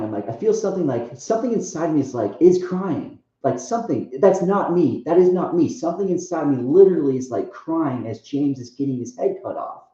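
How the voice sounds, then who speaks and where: A young man tells a rambling personal story, stopping and restarting and leaning on filler words. His voice is mellow and dark. It is heard in a very echoey room through a muffled, lo-fi recording. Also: on the high side. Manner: halting, full of restarts and "like". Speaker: speaker sharing a testimony.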